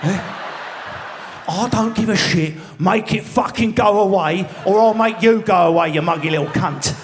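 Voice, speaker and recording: A man's voice: high voice, moderate pace, a little hiss or hum. A man with an Essex and London accent doing live stand-up comedy in a large theatre, brash, sweary and baiting the crowd. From Enfield, England.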